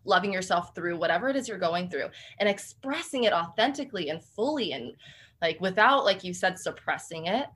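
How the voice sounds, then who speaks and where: A woman's voice: lowish voice, lively intonation, fairly quick, a bit bright, husky. A woman hosting a podcast, affirming her guests' ideas and laughing often as she talks. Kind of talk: reflective podcast conversation.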